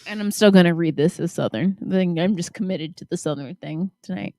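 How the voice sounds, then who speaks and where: A woman's voice: lowish voice, fairly quick, mellow, no room sound, clean studio sound. A drunk woman chatting casually on a podcast, giggling and rambling into a handheld mic. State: tipsy, drunk. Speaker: guest reader.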